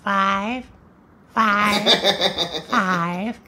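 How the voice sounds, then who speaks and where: A literal-minded cartoon housekeeper speaks in halting broken English. She drags every word out very slowly at a middling pitch. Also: breathy edge, full character voice. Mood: deadpan. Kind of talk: cartoon sitcom voice acting.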